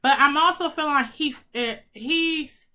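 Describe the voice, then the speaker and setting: A woman doing a casual tarot reading for her viewers, chatty and excitable, talking to them as y'all, with some swearing. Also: high voice, measured pace. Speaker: tarot reader.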